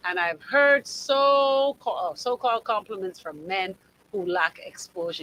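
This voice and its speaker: A woman's voice: medium pitch, normal speed, a bit bright, slight background noise, poor audio. A woman with a Bahamian accent hosting a call-in radio talk show, talking in an emphatic, conversational way into a studio microphone. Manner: emphatic and conversational, reads listener comments aloud.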